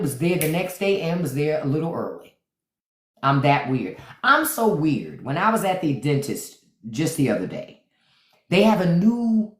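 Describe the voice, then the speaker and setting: Animated woman chatting in an echoey room. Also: deep voice. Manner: animated, playful storytelling with excited outbursts. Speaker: livestream host. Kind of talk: casual livestream chat. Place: home.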